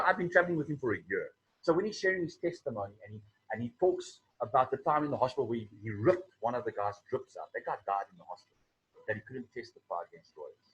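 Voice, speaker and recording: Preacher, male, South African accent, rough breathy voice, lively pitch, storytelling sermon for young people. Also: rough recording. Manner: animated, conversational storytelling.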